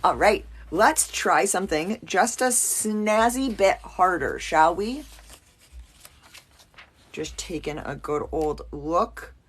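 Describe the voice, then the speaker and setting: A woman's voice: lowish voice, lively intonation, takes it slowly, slight background noise. A woman giving a casual, playful math lesson at a whiteboard, chatty and joking at herself as she works. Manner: playful, chatty, self-mocking asides. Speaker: math teacher.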